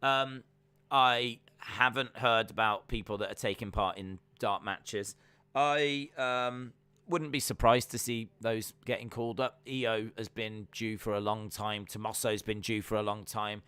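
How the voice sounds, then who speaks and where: A male live streamer who talks in a loose, rambling way, often pausing on "uh" and "um" and reading out viewer comments. His voice is fairly low but bright and forceful. The sound is close and dry, with almost no room around it. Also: fairly even intonation, clean tone, dry recording. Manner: casual and rambling, many fillers, reads viewer comments aloud. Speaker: wrestling stream host. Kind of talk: live reaction stream chat.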